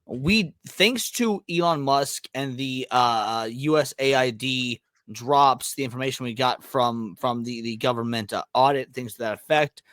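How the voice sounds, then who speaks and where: A man's voice: mid-range voice, a little slow, hardly any pauses, a bit bright, no room sound. A man co-hosting a casual chat, talking earnestly but hesitantly, with frequent restarts and fillers. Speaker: co-host.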